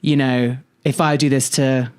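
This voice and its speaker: A man's voice: mid-range voice, little pitch movement, unhurried, darkish tone, smooth. A young man co-hosting a podcast, joking and often restarting his sentences. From England. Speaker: podcast co-host. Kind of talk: casual chat.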